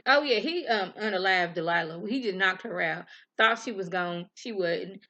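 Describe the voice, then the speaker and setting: A woman's voice: mid-range voice, normal speed, pushed and bright, muffled recording. A woman with a Southern US accent casually recapping a TV episode in a chatty, slangy storytelling way. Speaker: TV review vlogger.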